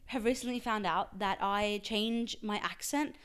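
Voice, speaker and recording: A woman's voice: mid-range voice, measured pace, smooth. A young woman with an Australian accent, co-hosting a casual chat and rambling through restarted sentences. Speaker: podcast co-host.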